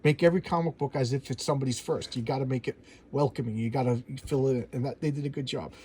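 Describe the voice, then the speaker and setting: This middle-aged man reviews comics, and here he leafs through an old one while chatting about it fast in a medium-pitched, slightly mellow voice. Enthusiastic and effusive, he frequently stammers and says words twice. A faint hiss or hum sits underneath.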